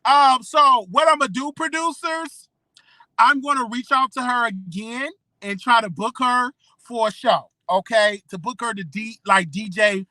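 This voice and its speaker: Emphatic blogger in their thirties, bright voice. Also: medium pitch, unhurried, no echo. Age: 30s. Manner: emphatic, repeats "okay?" and "you know what I'm saying". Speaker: blogger and show host. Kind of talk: solo commentary vlog.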